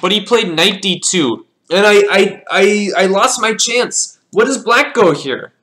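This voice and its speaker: A man goes through his own chess games at an unhurried pace, thinking aloud and naming each move as it comes. His voice is bright and pushes forward, and he often stumbles and repeats himself in a relaxed, casual way. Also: high voice. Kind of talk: casual game analysis.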